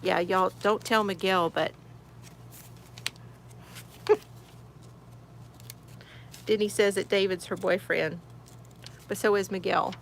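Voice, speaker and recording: A woman's voice: mid-range voice, fairly even intonation, slow pace, creaky, pauses often, slight background noise. A woman hosting a casual crochet livestream from her she shed, greeting viewers by name, reading chat comments aloud and laughing often. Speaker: crochet channel host.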